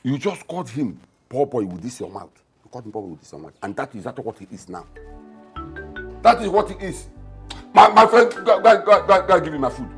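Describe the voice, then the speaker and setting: A man's voice: medium pitch, big pitch swings, fairly quick, fairly bright tone, faint music behind. A scornful Nigerian father. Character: gruff scornful father, mocking and bossy. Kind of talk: Nollywood film acting.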